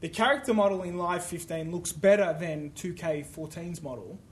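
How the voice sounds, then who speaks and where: High-voiced man ranting about games. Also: normal speed. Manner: animated, stumbles and restarts, opinionated. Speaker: podcast co-host back from a games trade show. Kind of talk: casual chat.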